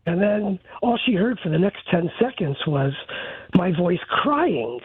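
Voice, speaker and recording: A middle-aged man from the San Francisco area calling in to a radio show, telling his story in a rambling, halting way. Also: sits high, very animated, breathy edge, no echo. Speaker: caller. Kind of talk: phone-in story. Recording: dry tinny phone line.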